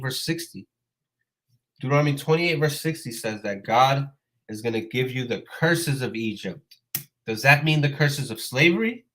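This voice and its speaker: A man's voice: medium pitch, fairly bright tone, poor audio. A man hosting a livestream, ranting back at commenters in a casual, profane, exasperated way, peppered with "bro" and "man". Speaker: livestream host.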